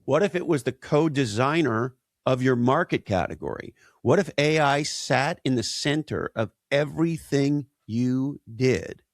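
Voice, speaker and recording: Male guest, mid pitch, punchy and emphatic, rhetorical style, dry sound. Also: a little slow, no room sound. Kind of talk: conversational interview.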